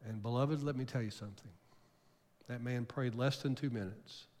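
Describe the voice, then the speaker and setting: An older man, a pastor preaching a sermon, telling a story emotionally, jumping from loud bursts to near-whispers. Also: mid-range voice, moderate pace. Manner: emotional storytelling with sudden loud rises and soft drops. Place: church sanctuary. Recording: long hall reverb.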